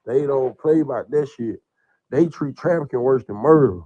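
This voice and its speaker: A man's voice: mid-range voice, moderate pace, warm tone, lo-fi sound. Tearful man ranting on a stream. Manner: tearful, rambling, profane. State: crying. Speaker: man under investigation speaking on a livestream. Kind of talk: emotional livestream rant.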